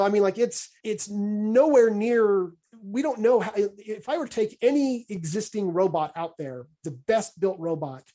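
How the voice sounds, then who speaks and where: A male podcast host explains ideas in a casual discussion, often restarting and repeating words as he thinks aloud. His voice is high with a dark tone.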